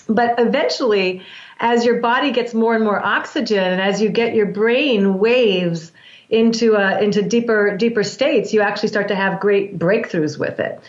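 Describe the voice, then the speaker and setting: A woman guest with a mid-range voice explains breath work at a moderate pace in an interview, earnest and flowing but often restarting her sentences. The lo-fi recording sounds roomy and dull.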